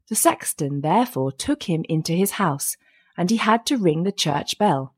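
A woman narrating an old fairy tale in a measured storytelling manner. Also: fairly low pitch, lively intonation, slightly rough.

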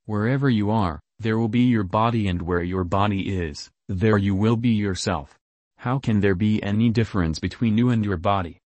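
A man's voice: on the low side, normal speed, a little mellow, dry recording, close to an everyday voice. A man voicing a humble, devoted male disciple who pleads earnestly in a storytelling reading.

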